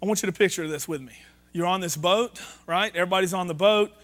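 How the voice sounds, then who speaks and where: High-voiced pastor preaching. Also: male voice, fast, a bit bright. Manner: conversational preaching, reads scripture aloud, asks the congregation questions. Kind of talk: sermon. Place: church sanctuary.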